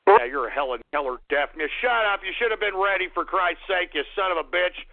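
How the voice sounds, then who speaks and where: A man hosting a call-in radio show, ranting angrily and swearing with a profane shouting manner. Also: high voice, brisk. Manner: angry, profane shouting rants. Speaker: radio host. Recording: tinny lo-fi radio sound.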